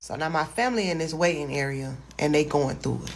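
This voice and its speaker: A woman's voice: deep voice, fairly quick, vocal fry, slight background noise. A woman telling a personal story in a folksy, colloquial way. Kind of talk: casual storytime.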